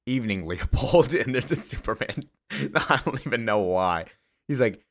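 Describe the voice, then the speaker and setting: A man's voice: medium pitch, lively intonation, moderate pace, fairly bright tone. A young man hosting a casual comic-book recap, chatty and loose, laughing as he goes. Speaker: comic video host.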